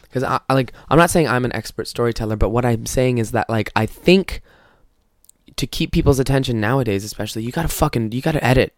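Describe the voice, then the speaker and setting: A man's voice: medium pitch, dry recording, studio quality. Profane young man ranting on a podcast. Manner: profane, mocking, acts out quoted people. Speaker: podcast host. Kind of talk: casual comedic rant.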